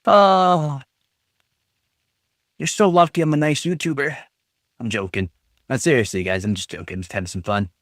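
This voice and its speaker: A man's voice: mid-range voice, moderate pace, pauses often, fairly bright tone, no room sound, clean studio sound. A man chatting on a live stream, reading his chat aloud and trading jokey teasing banter with the viewers. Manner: reads chat messages aloud and reacts.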